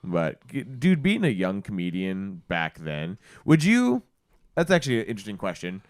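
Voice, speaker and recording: A man's voice: on the low side, huge pitch swings, normal speed, no echo. Man, podcast co-host, rambling, laughs a lot, swears, resonant voice, dry. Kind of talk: casual stoned chat.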